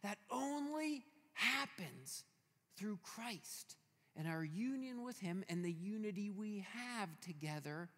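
A man's voice: high voice, lively intonation, slow, fairly bright tone. A male pastor preaching a sermon in a church, telling stories in a playful, emphatic way. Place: church hall. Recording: reverberant church hall.

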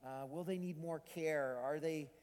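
A man delivering a sermon with a slightly higher voice than most men. He talks in an easy, conversational way, full of ums and restarts. His voice rings with the long reverb of a large church hall. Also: fairly even intonation, a little slow, a little mellow. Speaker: pastor.

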